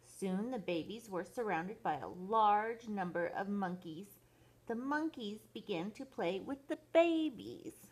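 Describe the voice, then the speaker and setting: An older woman, a grandmother, reading a picture book aloud to children in a slow, expressive, sing-song way. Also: medium pitch, slightly rough. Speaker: grandmother storyteller.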